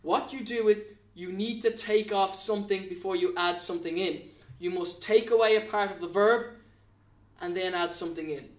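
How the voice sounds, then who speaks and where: A man's voice: high voice, normal speed. A man with an Irish accent teaching a recorded grammar lesson to students, spelling words out letter by letter and urging them to stay with him. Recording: echoey room, mic at a distance.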